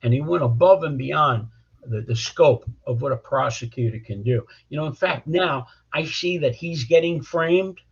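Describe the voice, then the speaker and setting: Older lawyer guy, gravelly and husky, blunt storytelling, muffled audio. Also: fairly high pitch, normal speed. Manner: blunt, anecdotal, repeats words when starting sentences. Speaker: criminal defense lawyer, guest. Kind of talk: storytelling interview. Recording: dull lo-fi audio.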